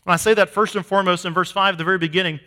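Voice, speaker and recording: A man preaching a sermon to his congregation, emphatic, swinging from loud declarations to hushed lines. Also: high voice, steady tone, racing. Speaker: pastor. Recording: long hall reverb.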